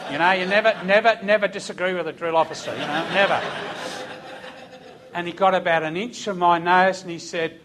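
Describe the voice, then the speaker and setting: A middle-aged man preaching a sermon, telling a personal story in an animated way with chuckles. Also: sits high, a little fast, a little hiss or hum.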